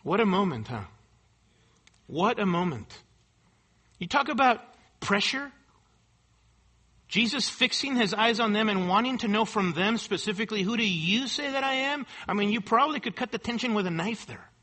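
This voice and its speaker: A man preaching with a high, ringing voice that has a forceful, bright edge. He leans hard on key words and keeps pressing his listeners with repeated questions. The delivery is an emphatic church sermon. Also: expressive, normal speed, long pauses, breathy edge. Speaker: pastor.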